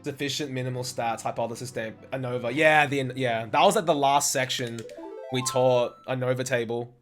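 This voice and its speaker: A man's voice: medium pitch, normal speed, a bit bright, faint music behind. A young man, chatting casually and swearing often while playing a game on a live stream. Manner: swears often, rambling anecdotes with fillers.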